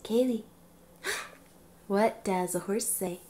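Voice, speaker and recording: A woman's voice: medium pitch, takes it slowly, background noise. A woman in a home video, playfully asking her toddler questions in a sing-song way. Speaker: parent.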